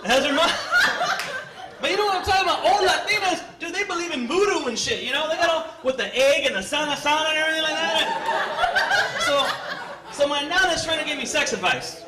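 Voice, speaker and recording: A man in his thirties performing stand-up, animated, landing loud punchlines and tossing in Spanish words. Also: extremely high pitch, a little fast. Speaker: stand-up comedian. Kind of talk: stand-up comedy set. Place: comedy club stage with live audience. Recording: echoey club with audience noise.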